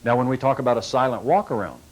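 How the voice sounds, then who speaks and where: A man with a folksy, coaching way of talking leads a sales training session, speaking at an ordinary middle pitch. He walks his audience through techniques and slips into short acted-out exchanges with customers. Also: animated, fast talker, low-quality recording.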